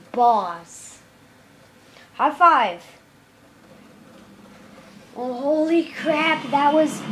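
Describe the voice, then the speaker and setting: A very high, light voice talks through a tense shooter match at an unhurried pace. She chatters casually, nerves showing, then breaks into excited shouts. The sound comes off a camera pointed at a screen, with faint noise behind. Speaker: gameplay commentator. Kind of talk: casual game commentary. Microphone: camera filming a screen.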